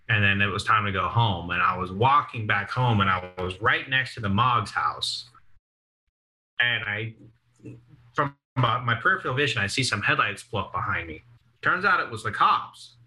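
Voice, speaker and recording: Bright-voiced young man telling wild stories. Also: mid-range voice, poor audio. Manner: profane, laughing storyteller acting out quotes. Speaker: podcast guest. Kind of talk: casual storytelling.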